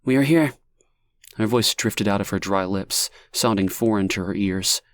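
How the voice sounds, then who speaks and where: A man narrating an audiobook in a steady, measured reading. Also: low-pitched, clean tone, no echo. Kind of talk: scripted narration.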